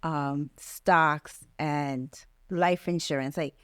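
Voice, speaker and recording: A woman real estate agent talks earnestly on a podcast and often restarts her sentences as she pushes a point. Her voice sits a little low. The recording is dry and close. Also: fairly even intonation, drawn-out words, fairly bright tone, clean tone, dry recording. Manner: earnest and emphatic, with many restarts. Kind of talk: casual podcast interview.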